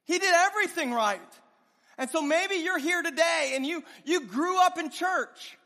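A pastor preaching a sermon with passion, his voice swinging between loud and hushed. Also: very high-pitched, moderate pace. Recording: long reverb of a large hall.

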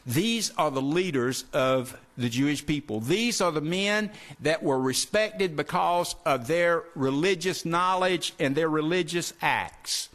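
A man preaching a sermon, earnest and direct, asking the congregation rhetorical questions and slowing down to stress key phrases. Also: a little high, animated, fairly bright tone. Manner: earnest, addresses listeners as folks, asks rhetorical questions.

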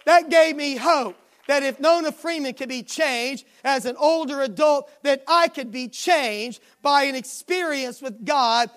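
A woman's voice: high-pitched, a little slow, hardly any pauses. A woman preaching a sermon at a midweek church service, emphatic and given to repeating refrains.

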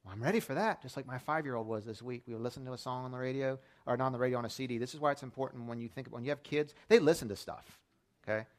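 A male pastor preaches a sermon, telling stories conversationally with light humor. His mid-range voice comes out rapid-fire.

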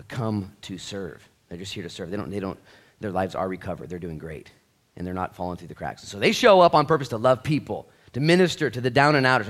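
A man preaching a church sermon, telling the story with lively energy and acting out the quotes. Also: sits low. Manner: animated storytelling, acts out quotes. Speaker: pastor.

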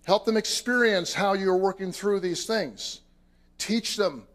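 A man preaching as a pastor, earnest and conversational, moving between loud emphatic lines and quiet, soft asides. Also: high voice, measured pace. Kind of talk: sermon.

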